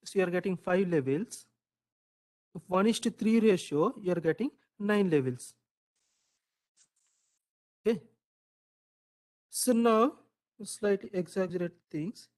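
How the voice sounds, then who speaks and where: High-voiced lecturer quizzing his class. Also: unhurried, long pauses, a little mellow. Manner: quizzes students, repeats answers, frequent "right?" and "so". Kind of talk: classroom lecture with student questions.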